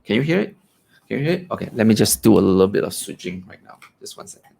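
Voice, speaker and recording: A man's voice: fairly low pitch, very animated, fast, vocal fry, darkish tone, slightly rough. A man casually reviewing a USB desk mic at his home desk, chatty, with many fillers and a habit of tagging "right?" onto his points. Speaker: tech reviewer. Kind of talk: casual product demo. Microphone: desk USB condenser mic.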